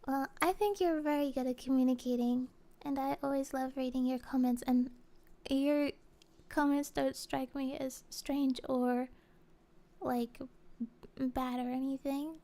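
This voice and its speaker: A woman streamer chatting casually and answering viewer comments, rambling and halting with many fillers. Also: high-pitched, steady tone. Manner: soft and gentle, with small laughs.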